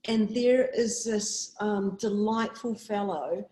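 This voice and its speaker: Speaking slowly in a steady, dark tone, a marathon swimmer from New Zealand recounts her experiences in an interview with a New Zealand accent. She animates the stories by performing her earlier words with sharp pitch jumps, captured in a reverberant, low-quality recording.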